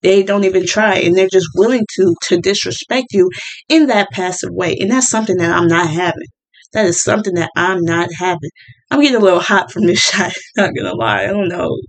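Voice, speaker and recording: A woman's voice: fairly low pitch, animated, brisk, rough recording. A woman hosting a casual monologue, chatty and opinionated, with many fillers and restarts. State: partly deaf.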